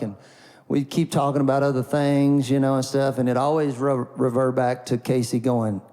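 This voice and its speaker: A man's voice: medium pitch, little pitch movement, normal speed, mellow, in a large hall. Folksy country songwriter man telling a story. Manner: folksy and rambling, with repeated "and, and" and "uh". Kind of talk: storytelling before an acoustic song.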